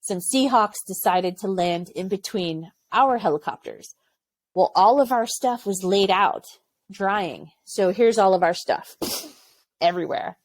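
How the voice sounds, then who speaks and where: Guesting on a podcast, this former Army aviation medic in her forties recounts stories frankly and vividly, voicing what others said and laughing along. She speaks at medium pitch, a little slowly, in a recording without room sound.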